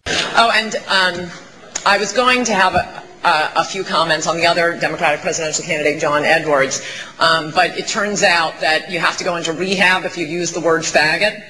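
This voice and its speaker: Sneering man, very bright voice. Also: on the high side, steady tone, moderate pace, slight background noise, rough recording.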